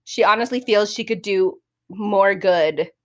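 A woman's voice: medium pitch, unhurried. A woman co-hosting a casual book-discussion podcast, talking animatedly and acting out quotes, with frequent fillers. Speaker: podcast co-host. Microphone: remote call mic.

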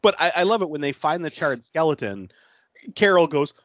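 A podcast co-host retelling a movie plot in a casual, animated way, often acting out the characters' lines. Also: medium pitch, moderate pace, no room sound, highs cut off.

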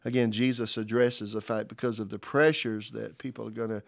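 A man preaching on a church podcast, reading scripture and quotes aloud, then commenting in a relaxed, conversational way with fillers. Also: fairly low pitch, a little fast, creaky. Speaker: pastor. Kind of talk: podcast sermon.

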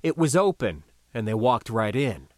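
A man narrating an audiobook in a lively, unhurried reading voice. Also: medium pitch, no room sound, clean studio sound.

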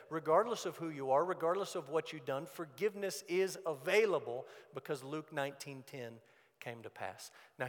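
A man preaching a sermon as pastor, in an earnest, conversational way. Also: fairly high pitch. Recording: long church hall reverb.

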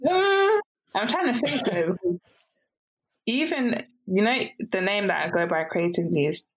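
A young woman with a British accent hosting a podcast interview in a relaxed, laughing, slangy way. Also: medium pitch, normal speed. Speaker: host.

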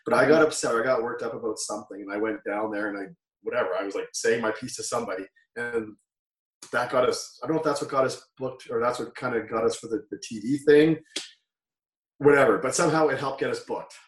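A man's voice: mid-range voice, fast talker. Rambling Canadian man, roomy and distant. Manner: rambling, self-correcting, laughs while telling stories. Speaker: guest, former wrestler. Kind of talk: casual interview storytelling. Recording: roomy, off-mic sound.

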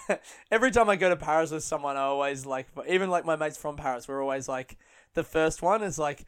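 A man's voice: a little high, brisk, clean tone. A young man, a comedian, chatting casually on his podcast, rambling and laughing a lot and swearing freely. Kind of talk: casual chat.

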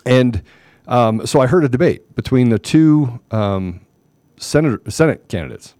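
A man's voice: medium pitch, measured pace, no echo. A man hosting a political commentary show, telling stories emphatically and acting out the dialogue. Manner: emphatic, animated storytelling with quoted dialogue. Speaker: show host.

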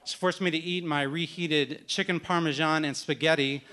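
A man's voice: on the high side, fairly even intonation, moderate pace, pushed and bright. A man telling a wry, self-deprecating story at a live story event.

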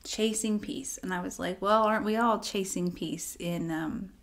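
A woman giving a personal devotional talk in a conversational way, acting out her own inner dialogue and dropping to a soft near-whisper at tender moments. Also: fairly low pitch, steady tone, normal speed. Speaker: devotional speaker.

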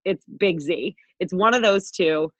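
A woman's voice: lowish voice, unhurried, no room sound, dull audio. A young woman co-hosting a podcast, telling rambling stories in casual chat, laughing often and swearing freely. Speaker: podcast co-host.

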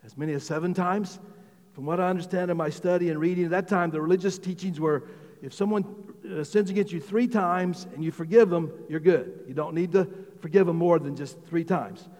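A man preaching a sermon as pastor, talking conversationally with many restarts and repeated words, and getting louder and higher when he exclaims. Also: a little fast, long reverb tail. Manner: rises in pitch and volume when exclaiming.

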